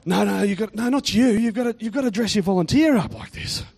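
A man's voice: high-pitched, fast talker, gravelly, a little mellow, slightly rough. A man giving a playful children's talk in church, teasing and quizzing the kids and congregation.

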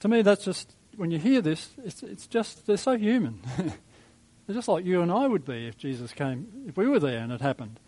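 A man preaching a sermon in a conversational, reflective way, with soft chuckles. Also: sits high, sing-song, normal speed, poor audio. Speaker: pastor.

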